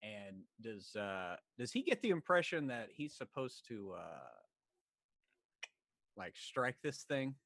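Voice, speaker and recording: A man playing a tabletop game, calmly describing what his character does. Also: medium pitch, takes it slowly, no room sound. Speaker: player.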